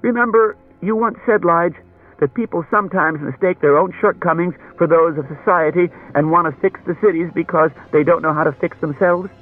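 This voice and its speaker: A man's voice: on the high side, moderate pace, pitched above the performer's own voice, natural voice. A man reading an audiobook, voicing a chatty, anxious wife who tells stories in a rambling, roundabout way, on a dull lo-fi recording. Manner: rambling, circuitous storytelling.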